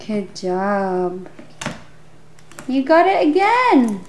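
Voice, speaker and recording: A woman's voice: sits high, animated, a little slow. A young woman, a mother, talking in sing-song, coaxing baby talk at home, filmed on her phone. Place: home, indoors. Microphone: phone camera. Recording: noisy home phone video.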